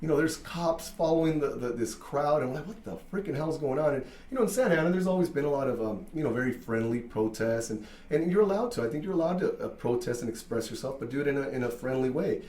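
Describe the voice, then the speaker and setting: Animated, cussing barbershop owner, roomy sound. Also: male voice, mid-range voice, quick pace, few pauses. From Mexican-American from Southern California. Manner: animated, swears freely, many fillers. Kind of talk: casual storytelling.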